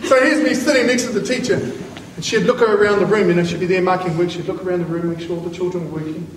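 Animated New man as storytelling school speaker, high voice, distant in a big hall. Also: fast talker, slight background noise. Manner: animated, laughing, acts out voices. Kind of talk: storytelling talk to students. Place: large school hall with students. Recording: echoey hall from far off with crowd.

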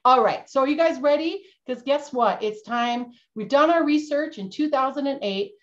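A woman presenter giving a playful, animated storytelling lesson for families over a video call. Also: sits high, normal speed. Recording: dull lo-fi video-call audio.

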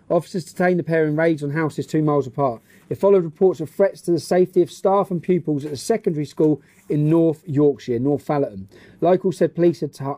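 A brash man giving casual news commentary between anecdotes. His voice sits somewhat high for a man, and his talk is profane and full of laughing asides. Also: darkish tone.

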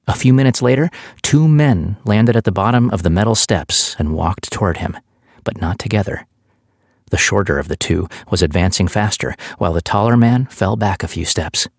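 A man reading an audiobook in steady, scripted narration on a close studio mic. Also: deep voice, no echo.

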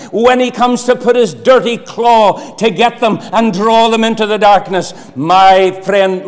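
A man preaching a sermon with fervour, his voice swinging from loud declarations to hushed appeals. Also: sits high. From Northern Ireland. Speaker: pastor. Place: church hall. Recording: long hall reverb.

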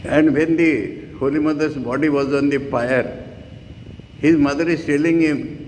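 Elderly Indian monk, earnest lecture. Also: male voice, on the high side, fairly even intonation, measured pace, a little mellow. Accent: Indian English. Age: 80s. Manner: earnest, digressive storytelling with asides. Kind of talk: devotional lecture. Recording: reverberant room with faint noise.

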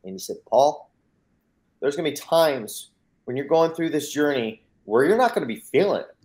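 A mindset coach from the United States tells his personal story as an interview guest, earnest and emphatic. His voice is a little high, sing-song and a little mellow at normal speed, and he acts out the dialogue, often repeating words at the start.

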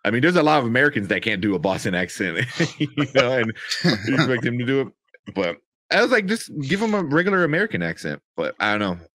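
A man's voice: mid-range voice, very animated, fast, fairly bright tone, no echo, studio quality. Rambling, laughing man in casual chat. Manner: rambling, swears freely, laughs often, many fillers. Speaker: podcast co-host reviewing a movie.

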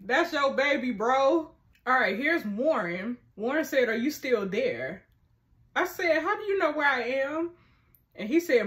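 A woman reads out a story game's lines in a casual, animated way. Her voice sits a little high, and she breaks off into laughing asides. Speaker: narrating and reacting to a story game. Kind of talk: casual reading and commentary.

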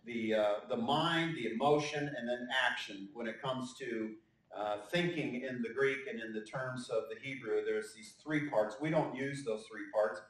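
A man's voice: medium pitch, moderate pace, a bit bright. A male pastor giving a conversational sermon with joking asides and frequent fillers. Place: church sanctuary. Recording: echoey church hall, mic at a distance.

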